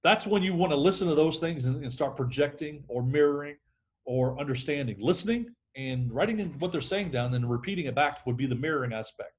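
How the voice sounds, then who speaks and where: A man's voice: a little high, animated, brisk. A middle-aged man, a sales trainer, talking energetically in a podcast interview and acting out phone calls.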